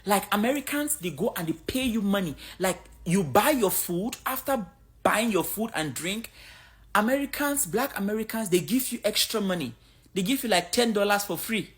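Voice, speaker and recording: A social media creator from Africa, a woman in her thirties, speaks into a phone camera with a blunt, outspoken opinion monologue. Her mid-range voice moves at a moderate pace as she tells stories animatedly.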